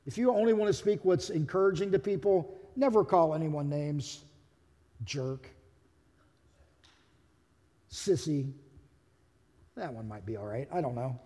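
Pastor guy preaching, high voice, chatty and jokey, big echoey church hall. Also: fairly quick, few pauses, dark tone. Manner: conversational, humorous preaching with acted-out quotes. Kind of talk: sermon.

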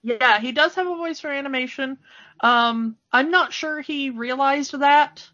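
A woman's voice: sits high, unhurried, pushed and bright. A woman co-hosting a podcast in casual chat, talking with enthusiasm and lots of fillers. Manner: enthusiastic, gushing, many fillers. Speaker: podcast co-host. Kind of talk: casual chat about a cartoon film. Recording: dull lo-fi sound.

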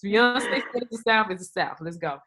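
A woman's voice: medium pitch, lively intonation, fairly quick, pushed and bright, a little hiss or hum. A woman on a podcast in casual chat, joking and making playful mock-decisive declarations.

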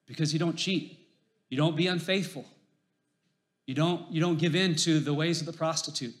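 A man preaching a sermon, animated, swinging from loud emphasis to hushed lines and telling jokey stories. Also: on the high side, normal speed. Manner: jokey storyteller. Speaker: pastor.

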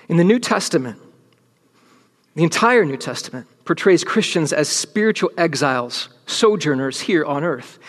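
A man with a notably high speaking voice preaches a sermon, his words ringing with a long hall reverb. He presses his points emphatically, then pulls down to hushed, near-whispered lines for weight. The sound is that of a large room with an audience. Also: slightly rough.

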